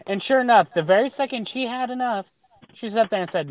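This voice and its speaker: A man chatting casually on a livestream, telling a rambling, animated story full of restarts. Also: very high voice, fairly quick. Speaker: guest on a livestream hangout. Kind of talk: casual chat.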